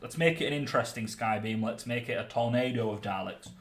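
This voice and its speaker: British male podcast co-host, mid-pitched, playful, stumbles over words, casual chat. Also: brisk.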